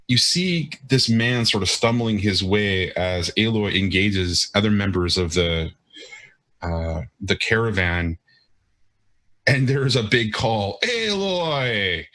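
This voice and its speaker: Game master, male, deep and bright, halting narration with fillers.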